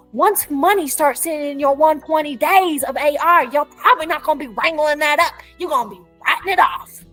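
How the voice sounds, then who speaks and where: A woman's voice: fairly high pitch, fairly bright tone, low-quality recording. A woman giving a comedic promotional monologue in a playful, folksy cowboy persona full of slang. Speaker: clinic business promoter. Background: faint music.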